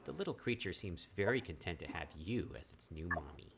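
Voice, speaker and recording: Lively low-voiced man reading a text game. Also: brisk, a little hiss or hum. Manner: chatty, laughs easily, reads the text with voices. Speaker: game streamer. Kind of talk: casual play-through chat, reading game text aloud.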